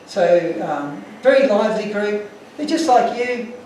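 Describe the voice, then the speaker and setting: Man giving a talk, earnest and emotional, high-pitched, recorded from afar in a reverberant room. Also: expressive, measured pace, a little mellow, a little hiss or hum. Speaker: speaker. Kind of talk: illustrated talk to an audience. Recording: echoey room from far off.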